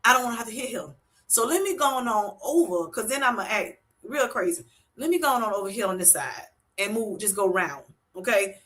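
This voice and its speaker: A woman hosting a casual livestream, answering viewers' comments with a bright, ringing voice that sits somewhat high. She tells animated stories and laughs often, calling people "honey" and "sweetheart". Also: fairly quick. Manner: uses Southern-style endearments like honey and sweetheart. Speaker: livestream host reading chat.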